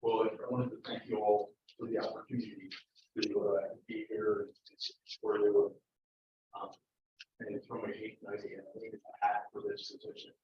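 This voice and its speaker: Hesitant man, low voice, distant room. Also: wildly swooping pitch, normal speed, slight background noise. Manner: hesitant, with fillers and restarts. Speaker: candidate. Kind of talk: interview statement. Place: township meeting room. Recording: roomy, distant, dull meeting-room audio.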